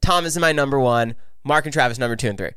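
A man co-hosting a podcast, telling a long animated story in casual chat, full of "like" asides. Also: mid-range voice, fast, smooth, no echo, studio quality. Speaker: podcast co-host.

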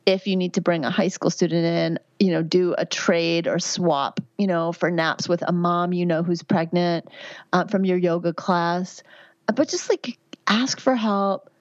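Woman, 50s, physician guest; candid, rambling podcast chat, lowish voice, dull dry audio. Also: fairly even intonation, a little slow, dry recording. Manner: candid, chatty, warm advice with frequent fillers. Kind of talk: podcast interview answers.

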